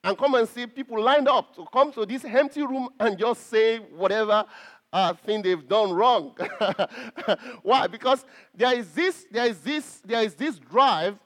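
A man's voice: extremely high pitch, measured pace, fairly bright tone. A man preaching a sermon to a congregation, stressing key words and often repeating himself as he restarts.

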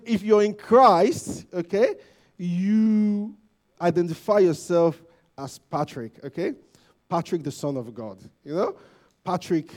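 A lay preacher gives a chatty, informal sermon with a warm, mellow voice that sits somewhat high. He frequently checks in with the congregation through "you know" and "okay?", growing loud when emphasizing and then sinking back to a quiet trail.

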